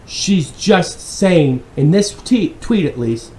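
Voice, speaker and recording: A male podcast host delivers profane, exasperated, sarcastic news commentary in a slow, animated way. His voice is on the high side with a dark tone, recorded in an echoey room with faint background noise.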